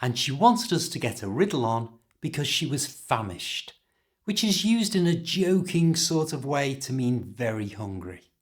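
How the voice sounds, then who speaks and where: A man with a British accent teaching English learners, explaining everyday phrases and slowly modelling how to pronounce them. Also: mid-range voice. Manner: clear, slow modelling of pronunciation.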